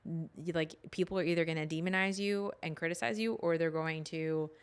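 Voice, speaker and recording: Woman, 30s, low pitch, podcast co-host, casual chat, emphatic, restarts. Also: fairly even intonation, a little fast, clean tone.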